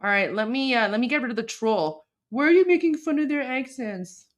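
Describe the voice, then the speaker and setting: A woman's voice: fairly high pitch, expressive, fairly quick. A woman with an Iranian accent hosting a livestream, rambling and repeating herself as she comments on clips. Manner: rambling, repeats herself, keeps asking "right?". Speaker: livestream host. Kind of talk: casual live commentary.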